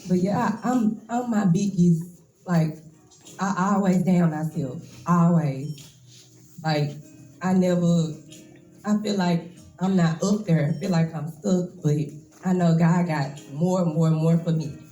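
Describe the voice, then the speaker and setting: A woman's voice: lowish voice, slow, dark tone, roomy sound, soft background music, low-quality recording. A woman in her twenties gives a nervous, emotional, casual speech as a braider at a hair shop event. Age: 20s.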